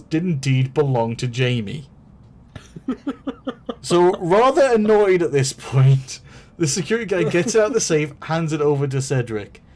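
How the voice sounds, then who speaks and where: A man's voice: on the high side, a little mellow, slight background noise. Rambling man telling a story. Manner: rambling, lots of fillers and restarts, swears. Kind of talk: casual storytelling.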